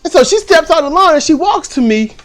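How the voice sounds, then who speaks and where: A man telling a story at home in a casual, animated way, swearing freely and acting out the people he quotes. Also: extremely high pitch, brisk, faint music behind. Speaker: channel host.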